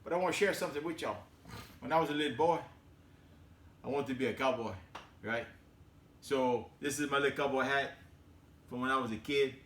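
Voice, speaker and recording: A man's voice: medium pitch, a little fast, pauses often, fairly bright tone, roomy sound, slight background noise. A man hosting a casual home cooking demonstration, talking in a folksy, rambling way with many fillers. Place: home kitchen.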